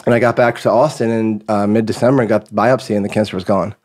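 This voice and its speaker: A man's voice: on the low side, fairly even intonation, quick pace, darkish tone. A man as a podcast guest, talking candidly and loosely, telling personal stories with lots of fillers. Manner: candid, storytelling, many fillers. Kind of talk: casual conversation.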